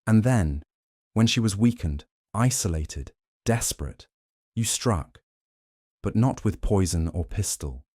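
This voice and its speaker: Poirot, a man voicing a deep, theatrical detective. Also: animated, a little mellow, no room sound, clean studio sound. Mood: accusing. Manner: measured, dramatic accusations with French phrases. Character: shrewd, theatrical male detective, middle-aged, accusing. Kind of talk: audiobook character reading.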